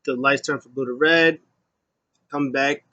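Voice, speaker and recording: A man's voice: mid-range voice, steady tone, unhurried, sharp tone, dull audio. Casual man reviewing, rambling with ums. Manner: rambling, many ums, mimics the ring announcer at big moments. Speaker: wrestling show reviewer.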